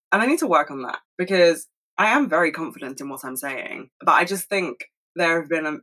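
A young woman talking fast and rambling in a casual monologue at home, swearing freely. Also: sits low, pushed and bright, husky, poor audio. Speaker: solo podcast host.

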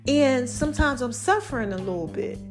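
A woman's voice: high-pitched, animated, brisk, music in the background. A woman hosting a podcast, giving playful, preachy encouragement in casual slang. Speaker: podcast host. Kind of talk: casual motivational podcast talk.

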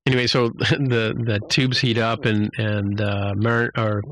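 A man with a fairly low, fairly bright voice hosts a podcast, speaking flatly at a measured pace over a slight hiss or hum. He rambles casually through an episode recap, full of fillers and restarts, and acts out quotes.

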